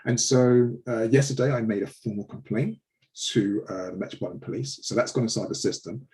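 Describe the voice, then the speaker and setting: A man's voice: lowish voice, a little fast, dark tone, poor audio. A man in his forties, a live show host, telling a personal story with passion and frequent restarts when upset. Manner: impassioned, repeats words when upset.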